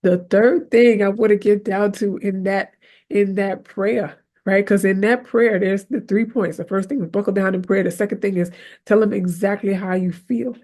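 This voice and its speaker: This podcast host is a woman with a mid-range voice at a normal speed. Her faith-based motivational talk is relaxed and energetic, full of "right?" check-ins and easy laughs, and she acts out her own prayers aloud.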